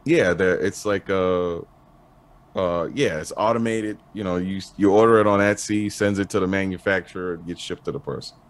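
A man talking as a guest in a casual interview, laid-back and halting, with many restarts and fillers. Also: sits low, fairly even intonation. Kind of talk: casual podcast chat.

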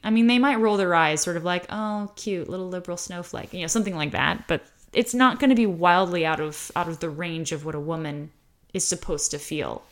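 An American woman explaining a topic in a casual monologue, animated and given to acting out quoted voices. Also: gravelly. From United States. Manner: animated, acts out quoted voices with pitch jumps. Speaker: host talking about high sensitivity.

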